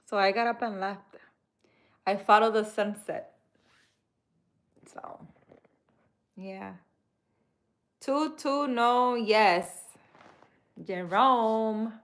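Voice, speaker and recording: Woman, spiritual healer on a live stream, unhurried and soft-spoken, hesitant, mid-pitched. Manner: soft-spoken, hesitant, answers chat comments. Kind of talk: casual live-stream chat.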